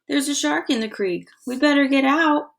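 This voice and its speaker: A smug, taunting boy, as a woman reading a storybook aloud puts him on, his voice raised a little higher than hers. He teases with easy sarcasm, mocking every warning. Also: moderate pace, gravelly.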